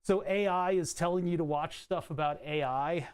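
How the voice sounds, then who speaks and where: A man's voice: a little high, normal speed, darkish tone, clean tone, no room sound. A man chatting casually on a live stream while he tinkers with electronics at his workbench, rambling and wry, with the odd swear. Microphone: desk microphone.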